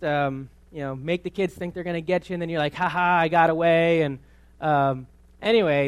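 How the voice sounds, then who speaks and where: Higher-pitched man telling a sermon story. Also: clear, resonant tone, no echo. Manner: conversational storytelling with many restarts. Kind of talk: sermon testimony. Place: church.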